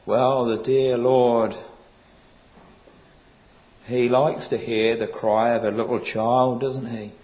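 A man preaching a sermon in a slow, earnest, pleading way, quoting old scripture. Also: medium pitch, flat delivery, a little mellow, low-quality recording.

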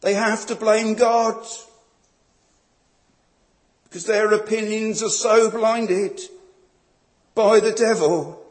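A man's voice: sits high, fairly even intonation, slow pace, long pauses. A man preaching a sermon in a solemn, emphatic way, building each point through repeated phrases. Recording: long reverb of a large hall.

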